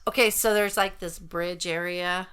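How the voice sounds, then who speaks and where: A young adult woman co-hosting a casual podcast chat, talking excitedly, often losing her words and restarting. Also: on the low side, unhurried, clean tone. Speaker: podcast co-host.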